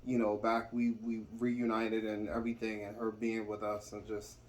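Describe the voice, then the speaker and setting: Soft-spoken halting man. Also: lowish voice, completely flat delivery, slight background noise. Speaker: father co-host. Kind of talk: casual family chat.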